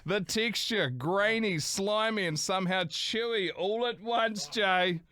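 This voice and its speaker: A man's voice: high-pitched, takes it slowly, sharp tone. A man co-hosting a podcast, reading listener stories aloud with lots of swearing and dramatic flair. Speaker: podcast co-host.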